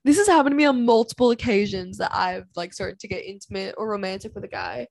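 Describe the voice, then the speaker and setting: A woman's voice: mid-range voice, quick pace, gravelly, no room sound. A young woman hosting a solo podcast, ranting bluntly and dramatically about dating pet peeves, swearing freely and sighing often. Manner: blunt, profane and dramatic, with frequent sighs. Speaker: podcast host. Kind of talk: candid solo podcast rant.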